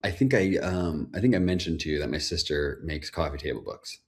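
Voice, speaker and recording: A man's voice: extremely low pitch, lively intonation, a little fast. A man who is a home builder, speaking as a guest in a casual interview in an easygoing, conversational way. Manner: easygoing, conversational, laughs easily.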